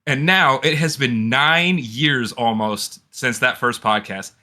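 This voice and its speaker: A man's voice: medium pitch, slow pace, pushed and bright. A man hosting a casual podcast, talking in a profane, sarcastic way. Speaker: podcast host.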